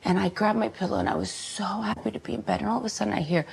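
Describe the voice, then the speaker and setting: A woman in her forties telling a frightening story in an animated way, at times dropping to a whisper. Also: medium pitch, racing, creaky. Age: 40s. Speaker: reality show cast member. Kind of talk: emotional retelling in a reunion talk.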